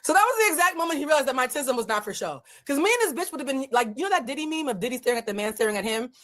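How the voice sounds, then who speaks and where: A woman hosting a livestream, telling a dating story in a casual, blunt and profane way, and acting out the dialogue with big jumps in pitch. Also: lively intonation, very fast, fairly bright tone. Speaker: host of a livestream, emotional intelligence coach. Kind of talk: casual storytelling to a live audience.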